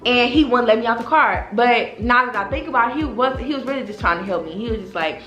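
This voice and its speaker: A young woman vlogger telling a storytime in an animated, profane way, talking straight to her viewers. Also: on the high side, fast. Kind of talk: casual storytime. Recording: roomy echo, faint background music.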